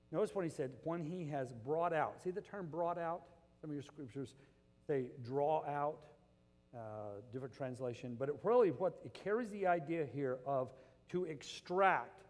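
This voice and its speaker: A man's voice: high voice, big-room sound. A male pastor preaching a sermon, telling stories with acted-out quotes and building to emphatic peaks. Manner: animated storytelling, acts out quoted voices, rises to emphatic peaks.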